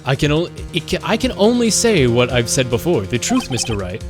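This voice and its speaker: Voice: medium pitch, very animated, a little fast, over music, natural voice. A streamer voicing a cold, condescending female witness in a courtroom game, reading her lines aloud. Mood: dismissive. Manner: curt, condescending.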